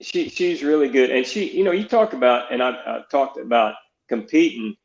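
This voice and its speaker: A man's voice: mid-range voice, moderate pace, gravelly. Guest: older man, rambling storyteller, echoey dull recording, roomy. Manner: rambling, many restarts, quotes others in dialogue. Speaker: guest, baseball pitching coach. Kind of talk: storytelling interview.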